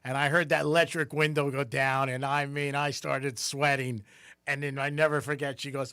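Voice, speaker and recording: A man's voice: mid-range voice, normal speed, smooth, no room sound, studio quality. A man co-hosting a radio show, telling family stories casually and acting out the people he quotes in a raised voice. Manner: animated storyteller, acts out quotes in a raised voice.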